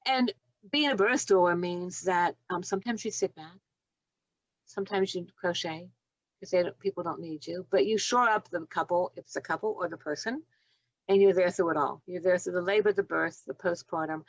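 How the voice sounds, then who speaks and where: In a podcast interview, a nurse and doula in her sixties tells stories animatedly, acting out the dialogue and laughing often. Her voice is fairly low at a moderate pace, with no room sound and the highs cut off.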